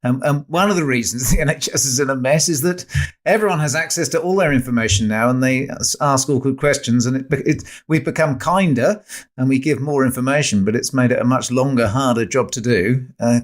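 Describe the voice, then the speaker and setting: Brisk wry doctor, fast talker. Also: male voice, mid-range voice. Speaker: doctor and guest. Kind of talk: casual talk show chat.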